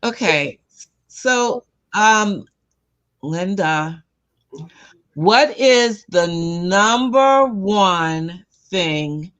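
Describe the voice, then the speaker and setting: A woman's voice: fairly low pitch, a bit bright. A woman host leading a conversational interview over a video call, with upbeat and affirming replies.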